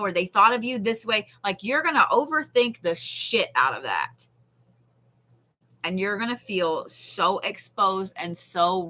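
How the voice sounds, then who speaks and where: A woman's voice: medium pitch, bright, forceful tone. A woman giving a chatty live tarot reading, swearing casually and reassuring her viewers. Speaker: tarot reader. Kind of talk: live-stream card reading.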